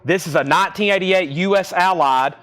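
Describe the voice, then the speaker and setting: A man's voice: high voice, fairly quick, fairly bright tone. A man with a Southern US accent hosting a live record sale, rattling off titles, conditions and prices. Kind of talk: live-stream auctioneering. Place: record shop.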